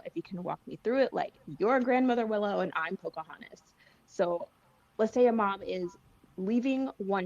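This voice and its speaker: A woman's voice: lowish voice, a little mellow. Woman host on dull lo-fi audio. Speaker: podcast host. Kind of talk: casual interview chat.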